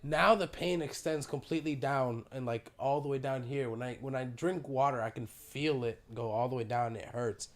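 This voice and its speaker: A man hosting a podcast, telling a story in a casual, animated way, swearing freely, his voice worn by a sore throat. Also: medium pitch, moderate pace, few pauses. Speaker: podcast host. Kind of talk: casual chat.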